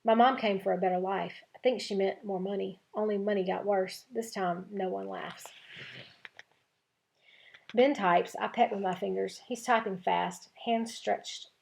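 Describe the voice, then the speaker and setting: A woman teacher reading a chapter book aloud to her class, with clear, expressive storytelling. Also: mid-range voice, unhurried, slight background noise.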